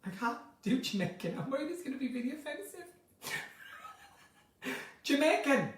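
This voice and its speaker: A woman's voice: sits high, lively intonation, quick pace, far from the mic. A woman with a West Midlands accent hosting a casual live chat, chatty and self-mocking. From Dudley, England. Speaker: live-stream host. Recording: echoey room, voice off-mic.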